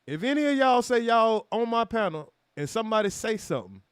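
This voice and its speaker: This reaction host has a very high, smooth voice and talks a little fast with plenty of animation, captured in echo-free studio quality. His commentary to the live chat is heated and full of profanity, rhetorical questions, and call-outs to chatters.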